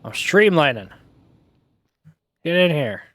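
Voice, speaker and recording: A man's voice: a little high, very animated, slow pace, a bit bright, slight background noise. A man streaming a game, giving casual, self-mocking commentary as he thinks aloud.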